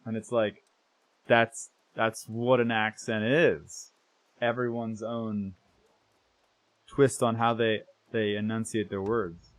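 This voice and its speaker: A man's voice: lowish voice, flat delivery, slow. A young American man chatting casually with viewers while streaming a game, rambling and correcting himself as he goes. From United States. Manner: rambling, self-correcting, trails off softly.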